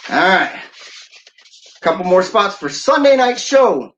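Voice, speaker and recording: A man's voice: high voice, sing-song, measured pace, a bit bright, a little hiss or hum. A man chatting as a DJ on a livestream, playful and full of corny jokes. His voice comes through slightly dull, lo-fi audio from a home stream. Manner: jokey, playful, breaks into sung snippets and laughs. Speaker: radio DJ and livestream host. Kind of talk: casual livestream chat.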